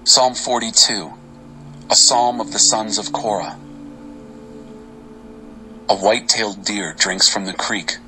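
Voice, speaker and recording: A man giving an expressive, dramatic reading of Bible psalms over faint music. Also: fairly low pitch, measured pace, pauses often, rough recording. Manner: expressive, varied delivery. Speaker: scripture reader.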